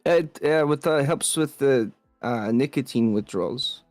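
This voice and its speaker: Man doing a cyborg boy, French accent, teenage smoker, slow hesitant delivery, dry close sound. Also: medium pitch, darkish tone, dry recording, soft background music, natural voice. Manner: halting, hesitant, many fillers. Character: 13-year-old cyborg boy, chain-smoking, French-accented. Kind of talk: improvised comedy role-play.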